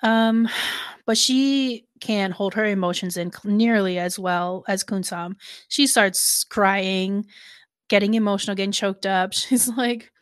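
A woman's voice: medium pitch, measured pace, clean tone, dry recording, studio quality. A woman in casual reaction chat, recapping a series scene with lots of laughter and "like" fillers. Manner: animated, laughing often, many "like" fillers. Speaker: co-host of a reaction show.

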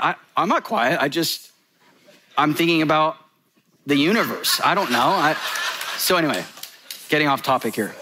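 A man preaching a sermon in a church, joking and animated, laughing between his points. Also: a little high, moderate pace, background noise.

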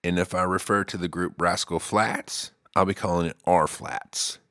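A man's voice: low voice, steady tone, normal speed, fairly bright tone, no echo, studio quality. A man hosting a podcast, rambling through a comedic monologue full of goofy asides and jokey tangents, now and then slipping into an exaggerated country drawl. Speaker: podcast host.

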